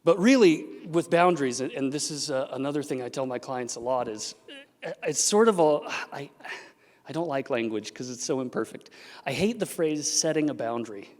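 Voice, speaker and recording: A man's voice: medium pitch, moderate pace. Man speaking in a reverberant hall. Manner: animated, acts out quoted voices. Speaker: therapist giving a talk. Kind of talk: symposium presentation. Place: event hall. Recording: long reverb of a large hall.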